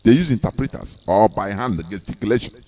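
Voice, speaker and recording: A man's voice: on the low side, animated, fairly quick, dark tone. A man giving an impassioned speech, emphatic, repeating words and asking rhetorical questions. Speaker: speaker on a live broadcast.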